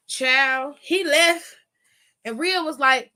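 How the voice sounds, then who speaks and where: Woman, host, casual chat, gossipy, profane, high pitch. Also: normal speed, bright, forceful tone. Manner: loose, profane, gossipy storytelling. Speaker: aftershow host. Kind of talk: casual chat recapping wrestling.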